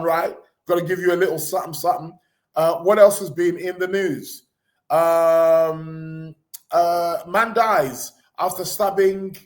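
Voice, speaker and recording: A man hosts his podcast in loose, unscripted chat, reading news items aloud and tossing off sarcastic asides between plenty of ums and false starts. His voice sits high for a man, and he talks at a slow, drawn-out pace. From England. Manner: rambling, sarcastic asides, frequent fillers and restarts. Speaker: podcast host.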